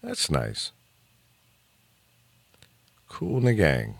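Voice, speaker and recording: A man hosting a radio talk show in casual, opinionated chat, emphatic and quick to laugh. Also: very deep voice, gravelly, no room sound. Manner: animated, emphatic, laughs often. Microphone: studio mic.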